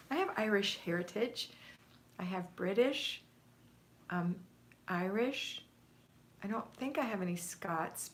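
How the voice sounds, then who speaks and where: An American woman hosting a home-organizing livestream, chatting casually and greeting viewers by name, a little out of breath. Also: mid-range voice. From United States. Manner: chatty, reads viewer comments aloud and greets them by name. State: slightly out of breath.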